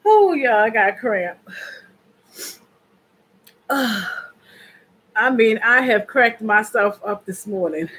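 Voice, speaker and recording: A woman's voice: fairly high pitch, drawn-out words, pauses often, fairly bright tone, husky, poor audio. A woman chatting casually and directly to her viewers in a vlog. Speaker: vlogger.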